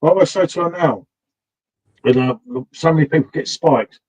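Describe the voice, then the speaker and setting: A man's voice: fairly high pitch, moderate pace, a little mellow, husky, rough recording. A man hosting a casual pub chat stream, telling blunt, sweary stories and repeating himself when worked up.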